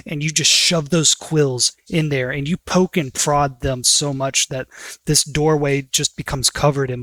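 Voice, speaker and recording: A man's voice: mid-range voice, fairly bright tone, dry recording. Casual male game master narrating.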